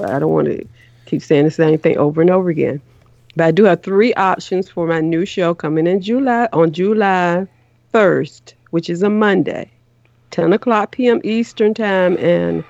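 This middle-aged woman hosts a call-in show, talking in a casual, earnest way full of restarts and repeats. Her darkish voice sits on the low side, and the lo-fi recording has no room sound.

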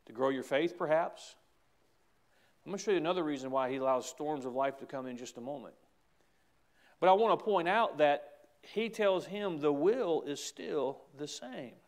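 A middle-aged man with a Southern US accent, preaching a sermon as pastor, swinging from hushed asides to loud, emphatic exclamations. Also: on the high side, lively intonation, moderate pace, long pauses.

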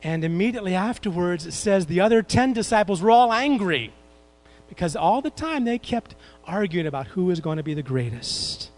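A man's voice: sits high, sing-song, darkish tone. A man preaching a sermon, drawing the congregation into repeating verses and adding light humorous asides. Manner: quotes King James scripture with slow emphasis.

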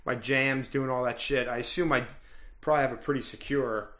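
A man's voice: mid-range voice, steady tone, fairly quick, fairly bright tone, lightly acted. A man playing a touchy, paranoid crook. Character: paranoid male criminal driver with a new name.

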